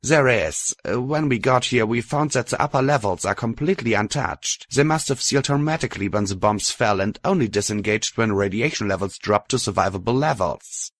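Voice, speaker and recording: A man's voice: fairly low pitch, lively intonation, fairly bright tone, no echo. A man voicing a nervous, twitchy stallion scientist in an audiobook of a pony story. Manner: nervous, hurried, defensive.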